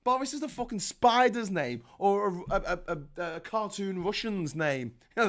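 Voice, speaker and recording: Man from Liverpool, high voice, comedic rant, sweary, sarcastic, swings to shouting. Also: lively intonation, brisk, few pauses. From Liverpool, England. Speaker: host.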